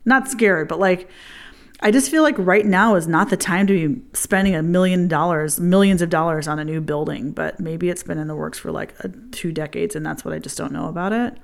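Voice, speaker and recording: A woman's voice: lowish voice, a little fast, creaky. Woman telling a rambling, sweary story. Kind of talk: casual chat.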